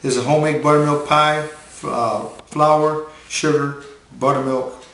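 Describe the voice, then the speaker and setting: A man's voice: a little high, steady tone, unhurried, fairly bright tone, roomy sound, poor audio. A man hosting a home cooking demonstration in his kitchen, talking in a folksy, down-home way as he walks through a recipe. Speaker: chef, cooking show host.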